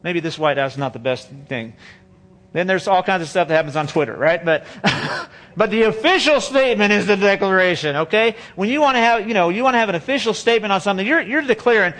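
A man's voice: high voice, animated, fast talker, a bit bright. A man pastor preaching a sermon in a church, conversational and joking, often restarting and repeating phrases into a microphone. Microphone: handheld or stage microphone.

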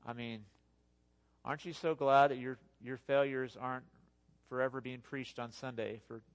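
Male pastor, sermon, chatty and animated, mid-pitched. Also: normal speed. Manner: conversational, animated preaching with asides.

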